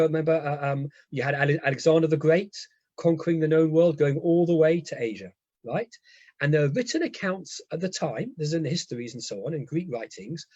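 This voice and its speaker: Enthusiastic man lecturing, husky voice. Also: on the high side, a little mellow, no echo, dull audio. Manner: enthusiastic, keeps checking in with listeners. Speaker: rabbi giving a lecture. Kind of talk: lively lecture to a congregation.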